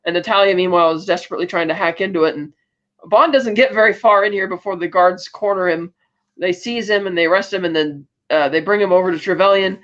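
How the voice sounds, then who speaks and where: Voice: medium pitch, fast talker, fairly bright tone. A podcast co-host casually recapping a film, retelling scenes with loose asides and acted bits of dialogue. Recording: dull lo-fi audio.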